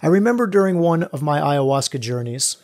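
A man's voice: fairly high pitch, lively intonation, fairly quick, darkish tone. Earnest man hosting a spiritual podcast. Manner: earnest, reflective, addresses listeners as brothers. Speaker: podcast host and spiritual coach for men. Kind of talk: solo podcast monologue.

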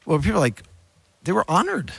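A man's voice: sits high, wildly swooping pitch, fairly quick, vocal fry, a bit bright, breathy edge, no room sound. A man co-hosting a casual faith discussion, talking with many restarts and acting out the lines he quotes. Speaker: podcast co-host.

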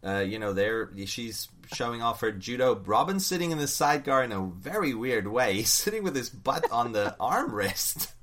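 A man co-hosting a casual comics chat, animated and laughing often, turning to his co-host with questions. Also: medium pitch, moderate pace, few pauses, slight background noise. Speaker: podcast co-host discussing comics.

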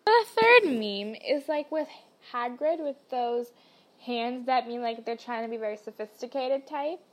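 Woman podcast host, high-pitched, casual chatty delivery with lots of fillers. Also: animated, measured pace. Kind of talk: casual reaction chat.

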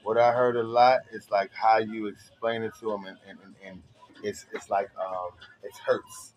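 A man's voice: on the low side, little pitch movement, moderate pace. A man co-hosting a casual podcast, chiming in laid-back with jokes.

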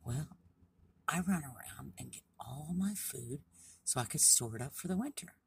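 A storyteller voicing a busy, chatty little squirrel with a quick, amazed manner. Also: medium pitch, expressive, creaky, recorded from a distance, slight background noise.

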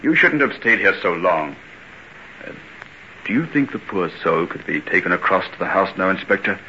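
An actor playing a calm, middle-aged doctor in a radio play, speaking in a measured, soothing way. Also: male voice, sits low, slight background noise, exaggerated voice. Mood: steady. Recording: muffled old radio recording.

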